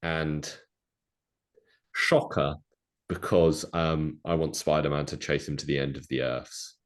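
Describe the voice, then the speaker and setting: A man's voice: very deep voice, steady tone, a little slow, smooth. A young man co-hosting a podcast, chatting casually in a playful, jokey, rambling way. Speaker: podcast co-host. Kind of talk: casual chat.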